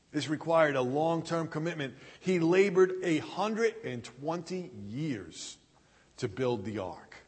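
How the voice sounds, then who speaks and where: A man preaching a sermon, earnest and repetitive, pausing and restarting as he builds his points. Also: fairly high pitch, in a large hall. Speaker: pastor.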